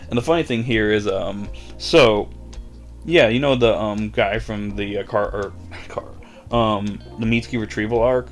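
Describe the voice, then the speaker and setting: Low-voiced man casually recapping an anime. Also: normal speed, faint music behind. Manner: chuckles often, filler-heavy. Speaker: anime episode reviewer.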